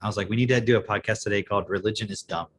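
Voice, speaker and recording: A young man co-hosting a podcast, in quick, profane, sarcastic casual chat. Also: fairly low pitch, slight background noise. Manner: fast, profane, sarcastic, animated. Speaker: podcast co-host.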